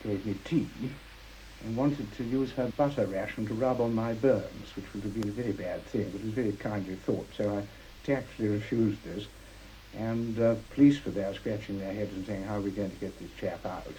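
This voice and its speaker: An older man recounting a personal memory in an understated, halting way, with frequent pauses and fillers. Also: on the low side, mellow, a little hiss or hum, low-quality recording. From Britain. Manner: understated, halting, with many uhs. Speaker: interviewee, war veteran. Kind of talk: personal recollection.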